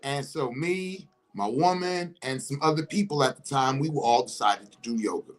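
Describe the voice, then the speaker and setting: A man delivering an impassioned spoken monologue, profane and emphatic, often rising into shouts. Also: medium pitch, moderate pace. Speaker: monologue speaker.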